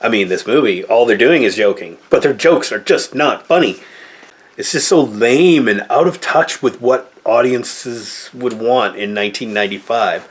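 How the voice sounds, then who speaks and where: A man talking through a casual movie review in a middle-pitched voice. He sounds blunt and exasperated and swears freely. He speaks like a host on his own channel. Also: normal speed.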